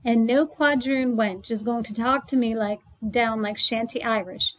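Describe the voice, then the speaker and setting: A scornful landlady with a biting, loud delivery snaps and sneers through her lines in a storybook reading, as a woman puts her on. The voice sits on the high side and carries a mocking drawl. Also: steady tone, normal speed, natural voice, low-quality recording. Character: sharp-tongued scornful woman landlady, Irish. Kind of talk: read-aloud storybook.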